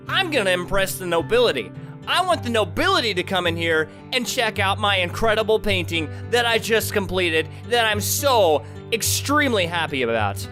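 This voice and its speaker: A man hosting a let's play, chatting to himself as he plays and swinging between loud outbursts and quiet mumbling. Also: high voice, big pitch swings, moderate pace, music in the background. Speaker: gaming channel host.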